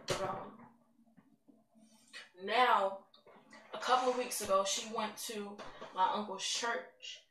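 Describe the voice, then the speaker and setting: A teenage girl giving a candid, rambling personal testimony, building to excitement at points. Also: mid-range voice. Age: teens. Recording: echoey room, mic at a distance, faint noise.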